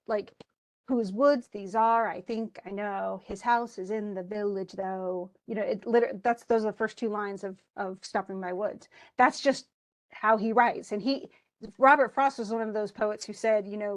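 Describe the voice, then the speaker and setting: Woman teaching a college English class, unhurried and conversational, lingers over lines of verse. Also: medium pitch. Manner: slow, deliberate reading of verse with chatty asides. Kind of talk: casual classroom lecture.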